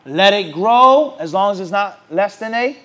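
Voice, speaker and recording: High-voiced man teaching a religious class. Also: moderate pace. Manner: rhetorical questions asked to the audience; animated, emphatic. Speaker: Islamic teacher.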